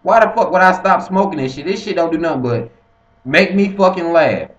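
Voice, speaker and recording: A man's voice: on the high side, a little fast. Profane man ranting in an echoey room. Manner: animated, swearing freely, repeats himself. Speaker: vlogger. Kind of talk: profane casual rant to camera. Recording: echoey room, dull lo-fi sound.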